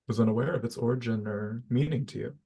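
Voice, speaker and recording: A man's voice: mid-range voice, quick pace, warm tone, breathy edge. Man playing a spellcaster at a tabletop game. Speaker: player. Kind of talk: in-character tabletop role-play.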